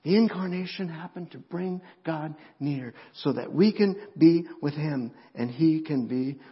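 Middle-aged male pastor, sermon, emotional, hushed to fervent; slightly high voice, long hall reverb. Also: unhurried. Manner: emotional, swings from hushed to rising intensity. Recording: muffled sound in a reverberant hall.

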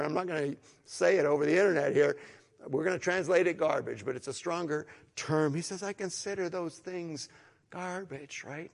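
Earnest male pastor with a gravelly voice. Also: fairly high pitch, long reverb tail. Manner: earnest, swings from hushed to emphatic, repeats words. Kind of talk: sermon.

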